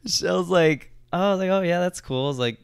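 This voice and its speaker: A man's voice: high voice, quick pace, creaky, clear, resonant tone, dry recording. Young man, podcast co-host, slangy casual storytelling, lots of swearing, dry close sound.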